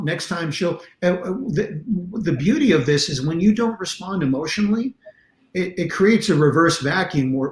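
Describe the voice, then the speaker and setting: A man with a somewhat high voice lays out self-defense principles as a podcast guest. He talks emphatically and bluntly, driving each point home. The sound is roomy and echoey. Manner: animated, emphatic teaching with blunt examples. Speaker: martial arts instructor and self-defense coach. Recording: roomy echo.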